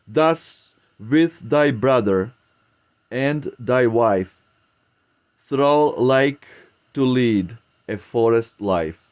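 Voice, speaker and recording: A man's voice: mid-range voice, a little mellow. A man reading the lines of a loyal charioteer, mournful and pleading in archaic verse. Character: grieving loyal old charioteer.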